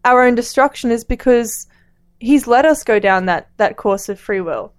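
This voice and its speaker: Brief: a woman with a fairly high voice, podcast co-host, hesitant book chat. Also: normal speed. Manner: hesitant, retells the plot with many ums. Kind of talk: casual book discussion.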